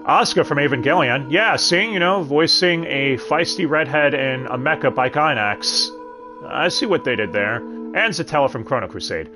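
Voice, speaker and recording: A man hosts a relaxed review stream, chatting freely and tossing in jokes along the way. His pitch swings widely as he talks, and clear music plays behind him. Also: normal speed. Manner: chatty, with joking asides. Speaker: host. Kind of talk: casual review commentary. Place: home streaming setup. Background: background music.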